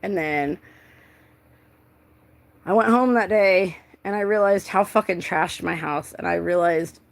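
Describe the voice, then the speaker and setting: Young woman, casual storytime, gravelly fry, loose rambling delivery with constant fillers and cursing. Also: lowish voice, measured pace. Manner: rambling, heavy filler "like", frequent swearing.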